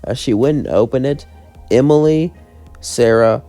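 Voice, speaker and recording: A man's voice: medium pitch, measured pace, warm tone, dry recording, faint music behind. A man casually narrating a fan story, rambling and chaining events with "as then", with light voices for the quotes. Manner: rambling, strings clauses with "as then", lightly voices each character.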